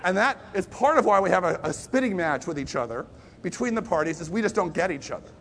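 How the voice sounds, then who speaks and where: A man giving a conversational sermon, a lively storyteller who swings between hushed and loud emphasis and makes self-deprecating asides. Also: high voice, fast talker, a little hiss or hum.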